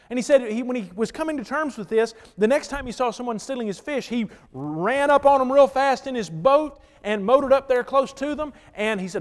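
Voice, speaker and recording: A man preaching a sermon as pastor, telling stories and swinging between loud emphatic lines and hushed ones. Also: high voice, lively intonation, fast talker, few pauses, big-room sound.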